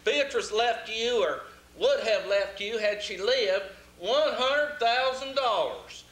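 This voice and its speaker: A man playing a scheming, smooth-talking lawyer in a stage play, calm and commanding. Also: high-pitched, slow pace, exaggerated voice. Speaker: community theater actor. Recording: roomy stage recording, faint hiss.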